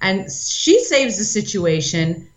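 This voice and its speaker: A woman co-hosting a podcast in casual chat, telling a story in an animated way and acting out quotes. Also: mid-range voice, takes it slowly. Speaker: podcast co-host. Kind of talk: casual chat, retelling an opera plot.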